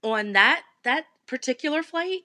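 A woman with a South Jersey accent co-hosting a podcast, telling stories in a chatty, animated way. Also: high voice, measured pace, no echo. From South Jersey, USA. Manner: animated, laughing, self-correcting storyteller. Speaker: podcast co-host. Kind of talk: casual chat.

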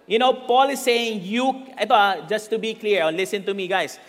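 A man with a Filipino accent preaching a sermon, mixing English and Tagalog, and rising to shouts for emphasis. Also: sits high, steady tone, moderate pace, in a large hall.

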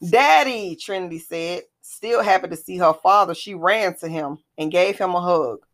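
A woman narrating a scripted drama story in a plain, even reading. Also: on the low side, moderate pace.

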